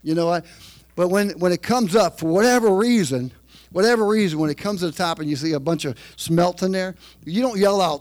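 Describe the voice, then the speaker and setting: A man preaching a sermon, moving from chatty storytelling to loud, shouted preaching. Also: high voice.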